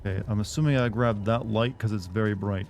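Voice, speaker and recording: A man's voice: fairly low pitch, fairly even intonation, fairly quick, a little mellow, a little hiss or hum. Rambling joking male game streamer. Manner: rambling, joking, crude asides to chat. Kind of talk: casual gaming commentary.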